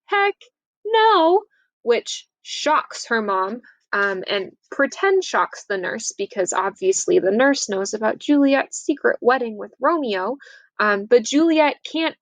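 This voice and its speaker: Woman, young adult, teacher, casual lesson recap, chatty, fairly high voice, dry close sound. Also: unhurried, dry recording, rough recording. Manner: chatty, lively, acts out quotes. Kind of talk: casual summary of a play.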